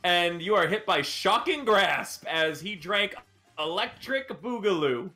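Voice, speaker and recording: A man's voice: high-pitched, lively intonation, a little slow, sharp tone, soft background music. A man narrating a tabletop game as game master, playful and often laughing.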